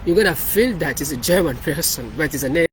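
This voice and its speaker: Man, slightly high voice, rambling code walkthrough, faint street noise. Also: expressive, a little fast, poor audio. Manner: rambling, repeats and restarts phrases. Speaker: developer presenting his project.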